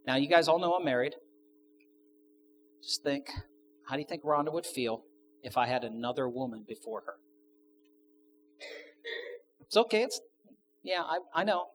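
A man's voice: fairly high pitch, expressive, normal speed, pauses often, a bit bright, slight background noise. A man preaching a sermon to his congregation, conversational, asking the audience questions and adding joking asides. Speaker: pastor.

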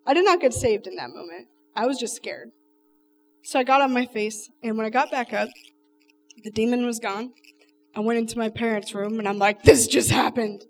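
A woman's voice: a little high, moderate pace, distant mic, soft background music. Earnest woman telling her testimony. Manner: earnest, emphatic, speaks straight to the audience. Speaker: speaker giving a personal testimony. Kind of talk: emotional storytelling testimony.

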